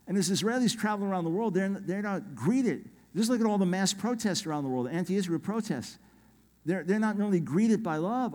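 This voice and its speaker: A man preaching as a guest speaker, telling a story with animated delivery and acted-out quotes. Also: high-pitched, a little fast, long reverb tail. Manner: animated, acts out quoted voices, repeats words when excited. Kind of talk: sermon storytelling.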